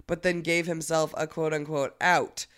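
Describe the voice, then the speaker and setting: A woman's voice: sits low, flat delivery, moderate pace, fairly bright tone. Sarcastic woman podcast co-host. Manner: sarcastic, exasperated. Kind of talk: casual political chat.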